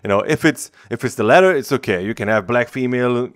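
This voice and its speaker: A man's voice: mid-range voice, expressive, quick pace, dry recording. A man hosting a gaming channel, ranting casually, profane, heated and rambling.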